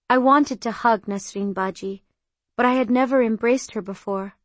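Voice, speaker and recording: A woman narrating an audiobook in the first person, in an even, measured reading. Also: a little high, dry recording. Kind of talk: scripted narration. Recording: very dry close studio sound.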